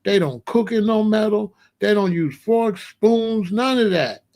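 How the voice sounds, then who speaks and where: A man talking casually to his viewers in a slangy, emphatic way, his voice sitting a bit higher than most. He keeps stressing his points and often breaks into animated disbelief. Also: unhurried. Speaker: vlogger. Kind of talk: casual monologue to camera.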